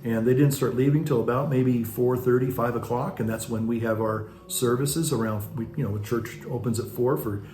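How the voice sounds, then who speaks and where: A man's voice: mid-range voice, steady tone, moderate pace, hardly any pauses, dark tone. Rambling male parish priest, roomy echo. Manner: rambling storytelling with many restarts. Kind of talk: casual reflective monologue. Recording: roomy echo with faint music.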